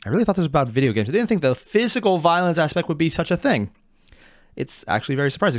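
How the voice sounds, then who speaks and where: Animated young man reacting to anime. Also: fairly high pitch, no room sound, studio quality. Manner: animated, playful, jokey asides. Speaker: anime reaction channel host. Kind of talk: casual video reaction commentary.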